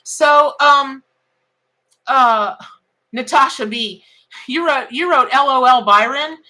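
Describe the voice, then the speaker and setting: A woman's voice: high-pitched, slow, bright, forceful tone. Chatty woman reading tarot live. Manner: chatty, folksy, laughs often, greets chat by name. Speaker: tarot reader.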